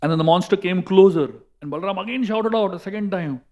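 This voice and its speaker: A man with an Indian English accent giving a sermon, telling a story in a lively way with emphatic repetition. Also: sits high, fast talker. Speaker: monk and speaker.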